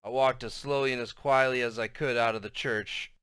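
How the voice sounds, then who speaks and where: Bright, clear-voiced male audiobook narrator. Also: mid-range voice, steady tone, a little fast, dry recording. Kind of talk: novel read aloud in first person.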